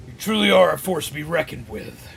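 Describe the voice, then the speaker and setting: A man streaming a video game, talking casually and breaking into animated, profane shouted rants. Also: fairly high pitch, fairly quick, gravelly, a little hiss or hum. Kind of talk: casual live-stream commentary.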